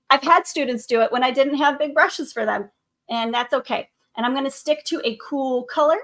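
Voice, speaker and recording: A woman's voice: high-pitched, a bit bright. A woman art teacher leading a painting tutorial for children, upbeat and encouraging, speaking to the viewer as to her students. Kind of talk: classroom drawing tutorial.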